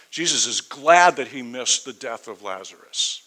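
A man preaching a sermon, reading scripture aloud and then explaining it in a conversational way, swinging between loud emphasis and quiet asides. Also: fairly low pitch, moderate pace, hardly any pauses, rough recording. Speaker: pastor. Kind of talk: sermon, verse-by-verse Bible teaching.

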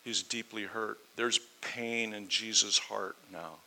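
A man preaching a sermon, reading scripture aloud and then explaining it in a conversational way, swinging between loud emphasis and quiet asides. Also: on the low side, fairly even intonation, slow pace, gravelly, a little hiss or hum, low-quality recording. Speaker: pastor. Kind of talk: sermon, verse-by-verse Bible teaching.

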